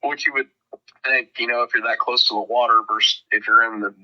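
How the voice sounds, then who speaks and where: A man's voice: mid-range voice, fairly even intonation, fast, sharp tone. A man telling a rambling, profane road story as a guest in a casual podcast chat. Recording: dull lo-fi sound.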